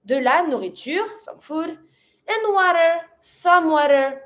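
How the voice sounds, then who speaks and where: A woman with French as her first language teaches an online lesson in English, saying each French word slowly and clearly. Her voice sits a little high and swings widely in pitch. She repeats vocabulary in pairs, masculine then feminine. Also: expressive. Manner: clear drilled pronunciation, repeats words in pairs.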